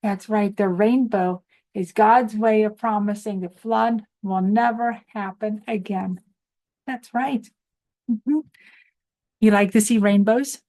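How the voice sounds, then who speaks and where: A woman hosting a children's morning lesson coaxes little ones through clap-along chants and answers her own questions for them as a preschool teacher host. Her medium-pitched voice is steady, slow, and dark in tone.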